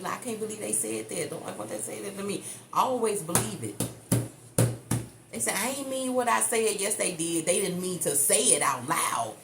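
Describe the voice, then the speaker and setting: Low-voiced woman doing a blunt tarot reading. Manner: chatty, blunt, swears freely, calls listeners baby and honey. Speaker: tarot reader. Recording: echoey room with faint ambient noise.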